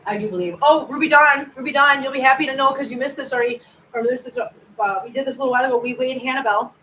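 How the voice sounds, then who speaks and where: A woman's voice: sits high, fast talker, bright, forceful tone, far from the mic, slight background noise, poor audio. A woman hosting a casual livestream from home, chatting with viewers in a rambling way and stumbling over her words. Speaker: cat channel host.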